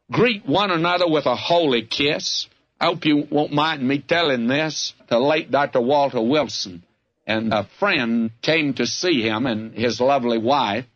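A man's voice: medium pitch, fairly bright tone, highs cut off. An older man with a Southern US accent, preaching a folksy, fervent radio sermon that keeps calling the listener "friend". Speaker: radio Bible teacher.

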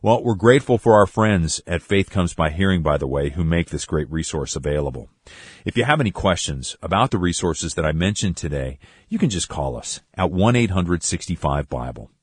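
Deep, husky radio host man. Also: lively intonation, a little fast, no echo. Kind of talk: scripted radio announcement.

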